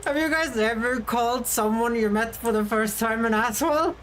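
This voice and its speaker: A VTuber streams from her desk, telling travel stories in a casual, chatty way and laughing often. Her voice is fairly high-pitched at normal speed, and the audio is poor with a little hiss or hum.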